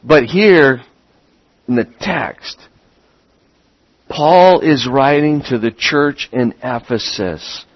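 A man preaching a sermon as a pastor, getting excited and repeating words as he builds up. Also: mid-range voice, extremely slow, pauses often, no echo, highs cut off.

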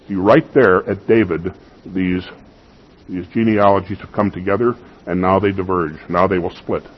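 Here a pastor with a deep voice gives a teaching sermon, speaking at normal speed with fairly even intonation. He stresses the main points forcefully and asks his congregation rhetorical questions, all captured on dull-sounding audio.

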